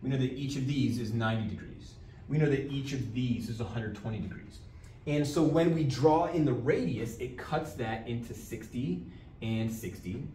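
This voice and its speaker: A math teacher with a medium-pitched, dark-toned voice lectures on geometry at a normal speed, repeating key terms and checking in with "all right?". The classroom recording is roomy and distant from the mic, with faint noise in the background.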